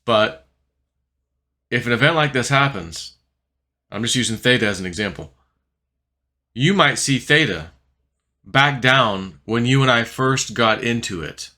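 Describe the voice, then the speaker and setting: Bright-voiced rambling man vlogger. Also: mid-range voice, expressive, unhurried, pauses often. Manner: rambling, filler-heavy, restless talk. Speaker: crypto vlogger. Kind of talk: casual storytelling monologue.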